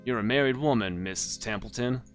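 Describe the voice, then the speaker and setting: A man voicing a gruff, wry noir private detective with a put-on Southern US drawl. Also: medium pitch, brisk, soft background music, natural voice. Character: tough hard-drinking noir private detective.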